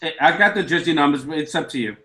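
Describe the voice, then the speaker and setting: A man co-hosting a casual football podcast. His voice sits a little high, and he rattles through a long list, stumbling and restarting now and then. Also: quick pace, bright, forceful tone, rough recording. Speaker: podcast co-host. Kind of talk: casual chat.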